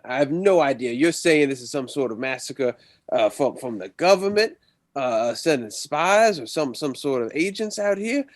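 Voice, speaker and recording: A man voicing a gruff Southern rancher with a put-on Texan drawl, folksy and a bit stumbling. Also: medium pitch, animated, moderate pace, pitched above the performer's own voice, natural voice. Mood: alarmed.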